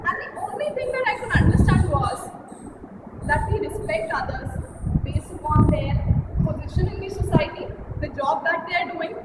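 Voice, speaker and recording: A woman speaks in a very high voice, earnest and measured as she gives a prepared speech. She is heard from across a reverberant meeting room. Heavy background hiss and traffic sit under her voice. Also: expressive. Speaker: club member giving a prepared speech. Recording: echoey distant room recording with loud ambient hiss.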